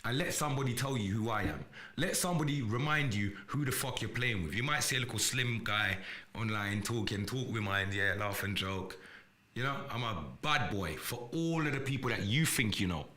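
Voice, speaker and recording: Defiant, profane man with a sharp voice. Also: lowish voice, lively intonation, normal speed. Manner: profane, defiant, repetitive and threatening. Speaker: live podcast host. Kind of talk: confrontational livestream rant.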